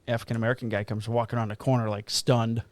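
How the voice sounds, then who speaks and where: A middle-aged man, a police officer, tells a long work anecdote in a loose, rambling way with plenty of swearing. His voice sits at an ordinary pitch and sounds dry and close, with no room around it. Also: level tone, rapid-fire, no room sound. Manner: rambling, profane anecdote telling. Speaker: podcast co-host, police officer. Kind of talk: casual storytelling chat.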